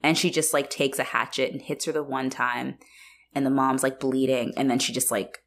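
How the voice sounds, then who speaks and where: A woman's voice: a bass voice, flat delivery, normal speed. A woman co-hosting a casual chat about a film, joking playfully and filling her sentences with likes. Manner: playful, jokey, uses lots of likes. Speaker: podcast co-host.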